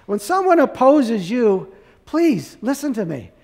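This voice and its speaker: A man's voice: extremely high pitch, sing-song, measured pace, gravelly, a little mellow, long reverb tail. A man preaching a sermon as pastor, asking the congregation one question after another.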